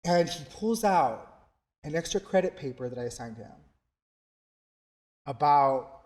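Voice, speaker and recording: A man's voice: on the high side, animated, unhurried, darkish tone. A man from South Texas, a theatre teacher, telling a story in an interview with many fillers and restarts.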